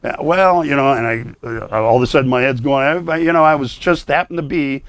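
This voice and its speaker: A man's voice: medium pitch, fast talker, no echo. An older man who works as Santa, chatting casually with many fillers and restarts. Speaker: Santa performer guest. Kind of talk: casual chat.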